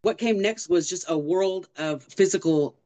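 A woman's voice: on the low side, unhurried. Earnest woman telling a personal testimony. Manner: earnest storyteller, animated retelling with occasional laughs. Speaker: guest.

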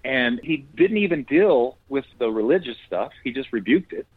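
A man's voice: medium pitch, expressive, normal speed, slightly rough, no echo. A man speaking as a guest in a faith conversation, earnest and preacherly, quoting scripture as he explains. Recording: tinny phone line, dry.

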